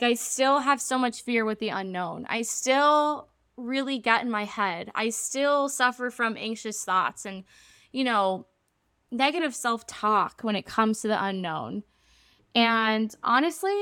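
A woman's voice: a little high, fairly bright tone, smooth, no room sound, studio quality. A young woman hosting her own podcast, talking in a casual, earnest and rambling way, with many fillers and self-corrections. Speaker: podcast host, psychic medium and entrepreneur. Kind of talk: casual spiritual podcast monologue.

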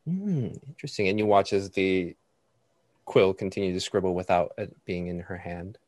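A man's voice: sits low, moderate pace, no echo. Dry, close man narrating a game. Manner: relaxed narration with fillers. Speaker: game master.

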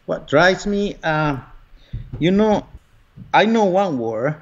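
An earnest man talks through an interview in a halting way, often pausing on fillers. His voice sits in a middle range. The recording sounds dull and lo-fi. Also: mid-range voice, darkish tone. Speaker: lottery winner guest. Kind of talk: conversational interview.

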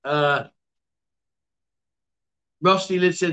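A man's voice: sits high, a little slow, pauses often, low-quality recording. A man in his fifties hosting a livestream, chatting casually with guests, teasing them and reading viewer comments aloud. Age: 50s. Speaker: livestream host. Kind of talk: casual chat. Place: indoors, lounge.

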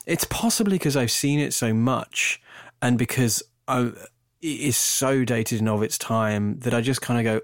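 A British man talking about films in a casual chat, animated and rambling, often breaking off mid-sentence. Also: mid-range voice, normal speed, no echo, studio quality. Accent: British English. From Britain. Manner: animated, rambling, self-interrupting. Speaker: film podcast co-host.

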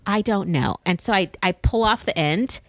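A woman in her thirties co-hosting a casual podcast, telling stories in an animated, playful, dramatic way. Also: mid-range voice, normal speed, no room sound. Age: 30s. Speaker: podcast co-host. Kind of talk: casual chat.

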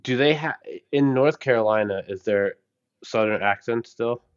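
A man's voice: medium pitch, normal speed. A man co-hosting a live stream, speaking casually and hesitantly with many fillers, his audio muffled and lo-fi. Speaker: stream co-host. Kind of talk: casual chat.

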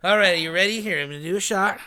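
A man's voice: sits high, very fast. A man co-hosting a podcast in casual chat, joking around and tripping over his words. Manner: jokey, animated, stumbles over words. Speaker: podcast co-host.

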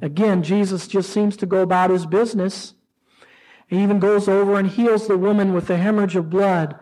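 High-voiced male pastor preaching. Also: steady tone, mellow, poor audio. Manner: preaching with rising emotional pleas and dramatic pauses. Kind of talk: sermon.

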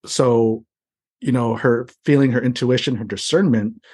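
Husky man, casual guest, tells stories with lively retelling. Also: medium pitch, normal speed. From United States. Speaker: interview guest. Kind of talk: casual storytelling.

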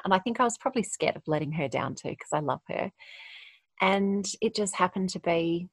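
A woman's voice: medium pitch, fairly quick, breathy edge, no echo. A woman, speaking candidly and reflectively in a casual conversation and laughing often. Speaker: podcast guest, coach.

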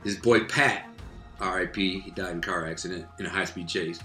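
A man telling a rough street story in casual talk, animated and streetwise, acting out voices and sound effects. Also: sits low, a little fast, roomy sound, soft background music.

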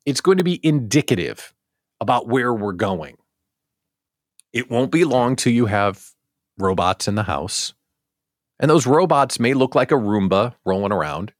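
A man hosting a livestream talk show, joking and animated, often throwing rhetorical questions at his viewers. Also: lowish voice, normal speed, long pauses, dry recording, studio quality. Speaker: host.

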